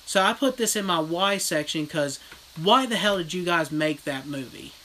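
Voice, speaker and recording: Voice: medium pitch, moderate pace, slight background noise, rough recording. A horror vlogger in a casual livestream rant, retelling a film bluntly with lots of swearing. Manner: blunt, profane, animated storytelling. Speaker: horror vlogger reading live chat.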